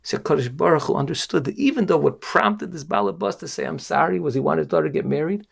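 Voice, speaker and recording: A rabbi giving an earnest, emphatic Torah lesson and weaving in a story. His voice is gravelly and sits on the higher side. He pushes hard on key points. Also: expressive, quick pace.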